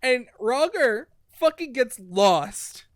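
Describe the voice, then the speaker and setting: A man's voice: extremely high pitch, big pitch swings, slow pace. A man co-hosting a casual online talk show, recapping a childhood book in a rambling, profane way and slipping into goofy character voices. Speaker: podcast co-host.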